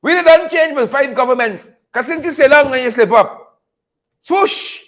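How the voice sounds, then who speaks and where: A Guyanese man hosts a loose political talk show, his voice pitched very high for a man. He talks in repetitive, chuckling riffs and keeps calling out his viewers by name. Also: normal speed, fairly bright tone. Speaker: host of a political commentary show. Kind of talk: casual live commentary reading viewer names.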